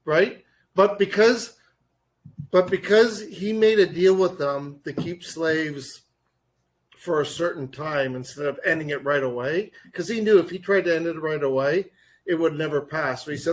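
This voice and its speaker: A man co-hosting a casual podcast. He rants in a blunt, opinionated way and swears freely. His voice is a little higher than most men's. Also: moderate pace. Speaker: podcast co-host.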